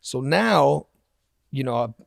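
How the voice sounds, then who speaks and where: A man with a gravelly, creaky edge tells animated stories as a podcast guest, acting out what everyone said. The sound is close and dry, with no room around it, and he breaks into laughter as he talks. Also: mid-range voice, slow, dry recording. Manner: acts out quoted dialogue in his stories. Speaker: interview guest. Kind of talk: animated storytelling in a podcast interview. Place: podcast studio.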